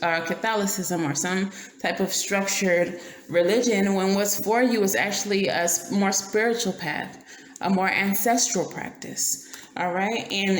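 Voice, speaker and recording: A woman giving a casual tarot reading, blunt and profane, laughing often and checking in with "okay?". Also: mid-range voice. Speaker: tarot reader. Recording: roomy echo, faint noise.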